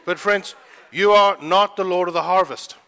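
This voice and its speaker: A man's voice: high-pitched, moderate pace, fairly bright tone. A man from Africa, preaching a sermon in a fervent, conversational storytelling way. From South Africa. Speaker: pastor.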